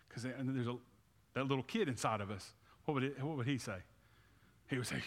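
A pastor in his thirties preaches in a relaxed, conversational way, stumbling over and repeating his words as he builds toward an altar call. His voice sits at an ordinary middle pitch. A long reverb from the church hall trails each phrase. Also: brisk. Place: church sanctuary.

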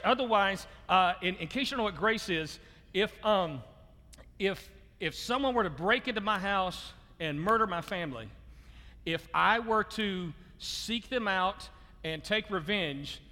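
In a large church sanctuary, a pastor gives a conversational, loose sermon, frequently restarting with repeated words and laughing lightly. He has a high-pitched, bright, forceful voice.

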